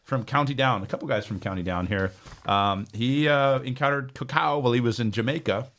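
A man's voice: mid-range voice, fairly quick, a bit bright. A man co-hosting a podcast, reading through a list of facts in a casual, joking way. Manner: reads a list with jokes and stumbles. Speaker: podcast co-host, researcher.

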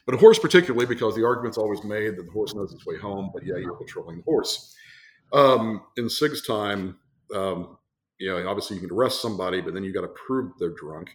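A man's voice: on the low side, expressive, brisk. A man who is a guest from a brewery, telling an amused, rambling anecdote with many fillers. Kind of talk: casual storytelling.

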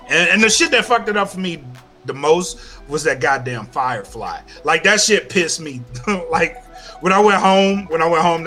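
A Louisiana man with a Louisiana accent co-hosts a casual podcast, ranting in a high-ish, bright, forceful voice. His speech is thick with profanity and repeated phrases.

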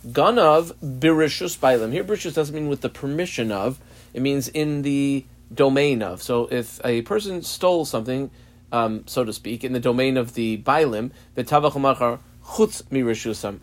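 A man walks through a Talmud page as a teacher, pausing often and restarting his sentences. His voice sits at an ordinary middle pitch. The delivery is a plain study lesson, explaining each case in turn. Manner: explains slowly, many fillers and restarts. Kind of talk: daf yomi study lesson.

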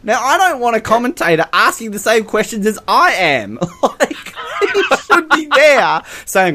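Animated man, lively pitch. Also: measured pace. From Australia. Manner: animated and giggly, often breaks into laughter. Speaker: podcast co-host. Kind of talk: casual comedic podcast chat.

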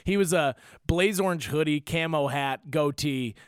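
A man's voice: fairly high pitch, unhurried, clean tone, no echo, clean studio sound. A young man hosting a podcast, telling stories in a rambling, filler-heavy casual chat. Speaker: podcast host.

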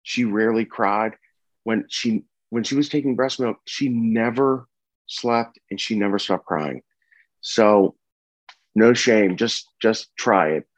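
A man telling the story of his wife's death and caring for their baby, speaking in an earnest, halting, somber way. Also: lowish voice, dry recording. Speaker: bereaved husband and father telling his story. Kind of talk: personal testimony. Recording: dull, dry lo-fi recording.

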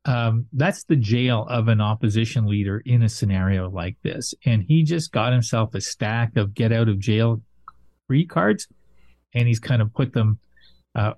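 Male political analyst, mid pitch, measured and thoughtful delivery with ums, dry close sound. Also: a little mellow, no echo. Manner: measured, thoughtful, frequent fillers. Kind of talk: casual political commentary.

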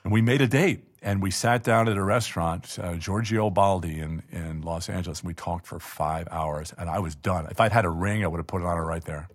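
A man's voice: low voice, a little fast, hardly any pauses. Chatty self-deprecating man telling a story. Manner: chatty, self-deprecating, frequent restarts and laughs. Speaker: guest telling a personal story. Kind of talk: casual storytelling interview.

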